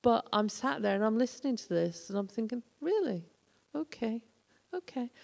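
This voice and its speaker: A woman's voice: on the high side, fast, gravelly. A woman, a former tour manager telling road stories in a casual lecture, acting out the people she quotes. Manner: chatty storyteller, acts out quoted voices. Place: college lecture hall. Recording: echoey hall.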